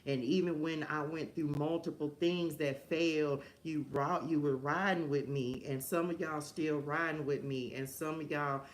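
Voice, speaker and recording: A woman's voice: deep voice, fairly even intonation, moderate pace, few pauses, a little hiss or hum. A woman hosting a live stream, giving a fervent, emotional motivational message with preacher-like repetition. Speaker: live-stream host and life coach.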